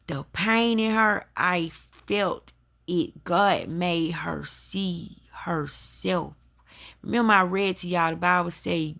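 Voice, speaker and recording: Woman host, slow unhurried delivery, emphatic preacher's testimony to her audience. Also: fairly low pitch, gravelly, fairly bright tone. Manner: emphatic, addresses listeners as y'all. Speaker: spiritual talk host.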